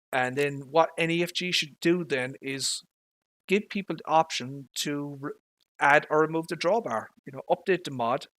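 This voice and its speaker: A man's voice: on the high side, a bit bright, dry recording. An Irish man casually commenting on a farming game he is playing live, rambling through his opinions and swearing at mishaps on screen. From Ireland. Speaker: livestreamer.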